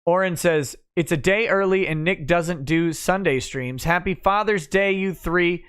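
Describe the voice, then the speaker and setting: Brief: male stream host, casual and profane, reads chat messages in a flat run, a touch higher voice. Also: a little slow, clear, resonant tone. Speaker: livestream host. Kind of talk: casual chat, reading viewer comments aloud.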